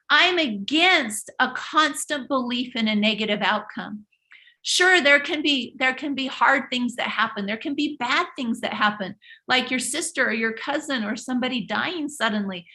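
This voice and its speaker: The host of a live motivational stream speaks at normal speed in a high, sharp-toned voice. Her delivery is emphatic and preachy, full of repetitions and restarts.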